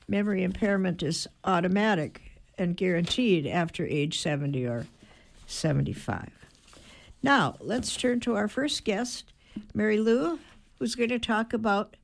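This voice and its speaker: Woman, radio host, brisk, opinionated, gravelly edge. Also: mid-range voice. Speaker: radio talk show host. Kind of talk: radio hosting.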